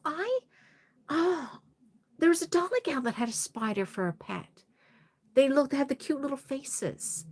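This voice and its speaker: A woman's voice: on the high side, animated, a little slow, no echo. A woman hosting a casual livestream, reading out viewer comments and chatting back with laughs and exclamations. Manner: chatty, reads comments aloud and reacts with laughs.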